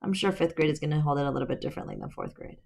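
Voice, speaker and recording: A woman reads a children's novel on a live stream and chats casually with a young viewer, friendly and lightly teasing. Her voice is low and has a gravelly fry. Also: huge pitch swings, racing, a little mellow. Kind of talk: casual storybook reading with chat to viewers.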